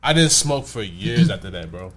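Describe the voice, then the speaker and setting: A man's voice: on the low side, moderate pace, crowd noise. A man hosting a podcast, telling stories in casual slang and acting out what people said. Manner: lively storyteller acting out quoted voices, slangy. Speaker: podcast host. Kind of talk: casual chat.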